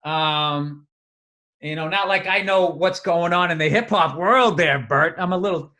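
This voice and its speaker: A man with a fairly high voice, talking loosely on a podcast mic. He circles around his point with restarts and casual swearing. He sounds relaxed and conversational. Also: unhurried. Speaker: comedian and podcast co-host. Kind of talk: casual chat.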